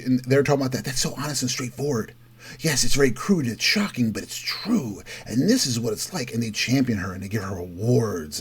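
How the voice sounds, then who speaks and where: A man's voice: on the low side, darkish tone, slightly rough. A man hosting a political commentary show, delivering an opinionated monologue and mocking others with quoted voices. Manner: emphatic, mocking quotes in raised voice.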